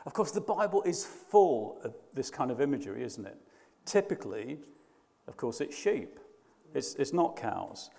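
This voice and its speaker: A man's voice: mid-range voice, very animated, moderate pace, creaky, darkish tone, long reverb tail. A man preaching a sermon, conversational and hesitant, often restarting his sentences. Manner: hesitant, frequent restarts and fillers.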